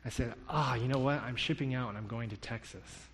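A man's voice: medium pitch, a little fast. A man preaching a sermon, telling a story and acting out the dialogue in it. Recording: long hall reverb.

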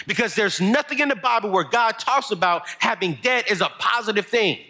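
A young man delivers a motivational sermon, moving between storytelling and shouted emphasis. His voice is bright and forceful, and it swings widely and lively in pitch. It sits a little higher than most men's. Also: fairly quick, few pauses. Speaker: preacher.

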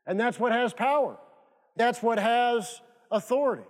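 A man with a strikingly high voice preaches in a church sanctuary. He hammers his points home by repeating them and calling on the congregation to answer back. A long hall reverb trails after every word. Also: animated, unhurried. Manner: repetitive, emphatic preaching with call-and-response prompts. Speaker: pastor. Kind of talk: sermon.

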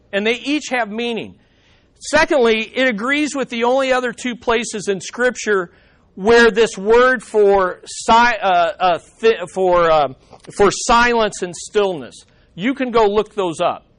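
A man's voice: high-pitched, a bit bright. A man teaching a Bible study lesson in a conversational way, with dry humorous asides and frequent restarts.

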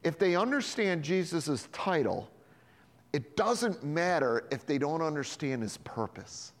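A male pastor preaching a sermon with lively delivery, acting out the dialogue of biblical characters. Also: a little high, measured pace, big-room sound. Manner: animated, acts out dialogue.

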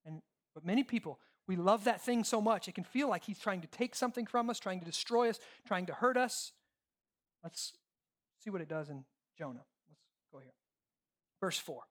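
A pastor in full sermon mode at a middling pitch. The delivery is emphatic and repetitive, stacking phrases into long lists, asking rhetorical questions, and tagging lines with "okay?" and "right?". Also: lively intonation, normal speed. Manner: checks in with listeners often ("okay?", "right?").

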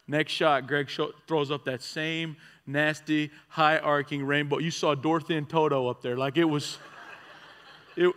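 A man preaching a sermon as a conversational story, swinging from excited and loud to hushed and quiet. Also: a little high. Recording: long reverb of a large hall.

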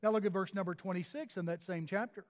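A man's voice: high voice, fast, in a large hall. A pastor delivering a sermon in an earnest manner, often restarting his phrases.

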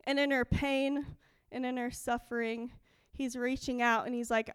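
Young woman, high voice, smooth tone, dry close sound, excited church testimony. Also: moderate pace, hardly any pauses, dry recording. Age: young adult. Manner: excited, animated storytelling with quoted dialogue. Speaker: church speaker.

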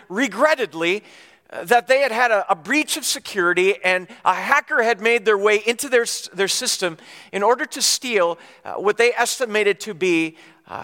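A man with a high, bright voice preaches in a casual storytelling way. He often stumbles and restarts as he talks. The sound carries a long echo from a large hall. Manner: conversational storytelling with frequent restarts. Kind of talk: sermon with personal story.

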